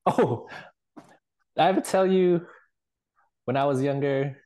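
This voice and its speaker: A man co-hosting a podcast, chatting in a relaxed way, laughing often and repeating words. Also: a little high, slow. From Canada. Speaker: podcast co-host. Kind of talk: casual chat.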